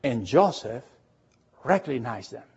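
A man preaching a sermon and retelling a Bible story in a lively storytelling way, often asking the congregation questions. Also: medium pitch, takes it slowly, muffled recording, slight background noise.

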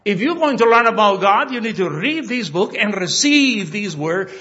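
Male pastor, emphatic sermon delivery, fairly high voice, dull lo-fi recording. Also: normal speed, crowd noise. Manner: animated, emphatic, acts out dialogues.

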